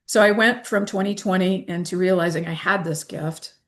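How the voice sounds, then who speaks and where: Woman, fifties, slightly low voice, interview guest, candid, animated. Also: moderate pace. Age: 50s. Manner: animated, acts out quoted dialogue.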